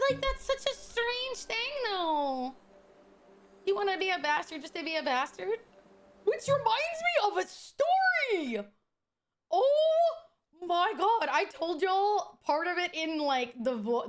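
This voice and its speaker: A woman streamer telling a story in casual, animated talk, swearing freely and exclaiming. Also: high-pitched, slight background noise.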